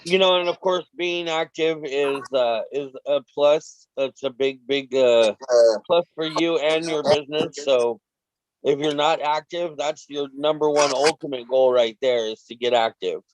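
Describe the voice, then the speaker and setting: Man with hiccups giving relaxed advice. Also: a little high, a little slow, rough recording. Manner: relaxed, rambling advice with restarts. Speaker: team leader. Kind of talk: casual coaching chat.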